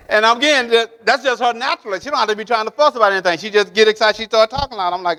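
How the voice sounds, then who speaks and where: A man's voice: high-pitched, racing, hardly any pauses, bright, forceful tone. A man, a pastor, preaching a sermon. He speaks emphatically, repeats key phrases and keeps asking the congregation if they are with him. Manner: preaching with call-and-response questions to the congregation. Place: church sanctuary.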